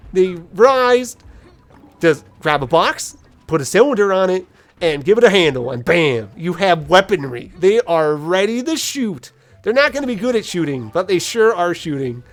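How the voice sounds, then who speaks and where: A man's voice: sits high, moderate pace. A man giving casual, jokey, rambling commentary while playing a video game. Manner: rambling, animated, jokey storytelling. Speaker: let's play commentator.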